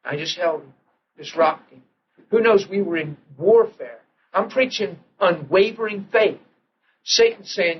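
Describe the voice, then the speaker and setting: A middle-aged male preacher telling a personal story in a sermon, acting out what people said and dropping to a hush at tense moments. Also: high voice, measured pace, pauses often, breathy edge. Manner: storytelling, acts out quotes with sudden hushed drops. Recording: dull lo-fi old recording with faint hiss.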